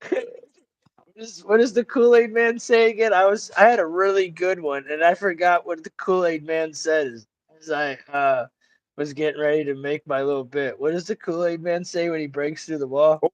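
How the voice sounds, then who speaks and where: A man hosting a livestream talks in a crude, joking way and laughs a lot, often slipping into mock voices. His voice sits high for a man, and the sound is dry. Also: fairly even intonation, normal speed, dry recording. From Italian family background. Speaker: livestream host. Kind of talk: casual chat.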